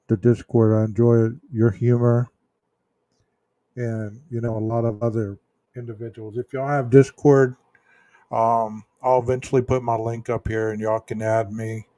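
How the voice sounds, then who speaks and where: A man hosting a true crime livestream, chatting casually with viewers in a slow, rambling way full of ums and restarts. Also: mid-range voice, warm tone, dry recording, muffled recording. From Texas. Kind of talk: casual livestream chat reading viewer comments.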